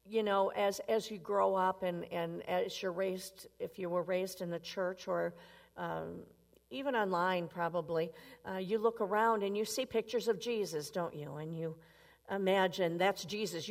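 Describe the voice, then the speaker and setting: A woman's voice: mid-range voice, steady tone, moderate pace. A woman preaching a sermon in a conversational way, often asking her listeners questions. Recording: long reverb.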